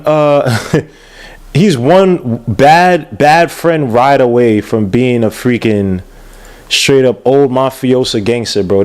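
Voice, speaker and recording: A man hosting a casual sports podcast, talking loosely and excitedly, swearing and checking stats on air. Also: lowish voice. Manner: loose and animated, swears, looks things up on air. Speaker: podcast host.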